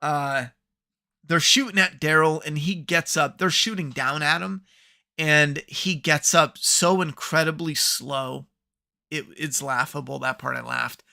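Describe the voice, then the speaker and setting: A man's voice: a little high, fairly even intonation, a little slow, creaky, sharp tone. A man hosting a podcast, giving a profane, sarcastic TV review rant. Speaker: podcast host. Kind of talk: ranting TV review.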